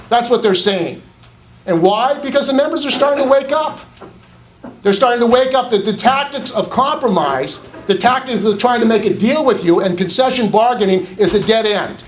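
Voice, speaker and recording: A man's voice: very high voice, sing-song, a little fast. A man giving an indignant, accusatory public comment at a board meeting, repeating phrases for emphasis.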